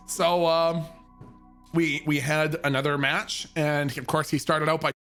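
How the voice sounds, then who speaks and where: A young man from Canada telling a story casually, profane and animated, with many fillers. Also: on the high side, measured pace, soft background music. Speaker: streamer.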